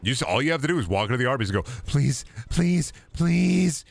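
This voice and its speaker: A man's voice: mid-range voice, expressive, very fast, a bit bright, soft background music. A man streaming a video game, joking, rambling and trash-talking in casual chat.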